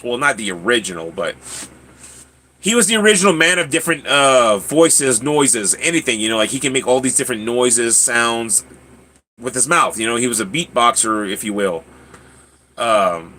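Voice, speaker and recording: A man's voice: medium pitch, expressive, normal speed, sharp tone. A man hosting a livestream, chatting casually with viewers, often stammering and repeating words. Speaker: livestream host. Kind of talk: casual chat reading viewer comments.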